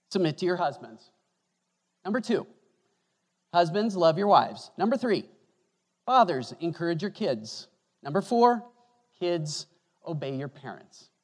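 A man preaching a sermon as pastor, animated and joking, moving from loud bursts to hushed asides. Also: on the high side. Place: church hall. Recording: long reverb of a hall.

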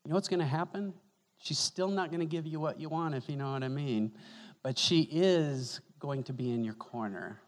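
A male pastor giving an animated, conversational sermon in a church, joking with the congregation. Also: fairly high pitch, moderate pace. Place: church sanctuary. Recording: echoey church hall.

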